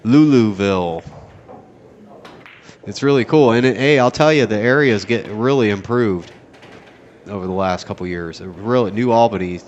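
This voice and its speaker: A man commentating a pool match in a casual play-by-play style, excitable and joking, wandering into rambling asides. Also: fairly low pitch, a little fast, muffled recording, slight background noise. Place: at a pool tournament venue.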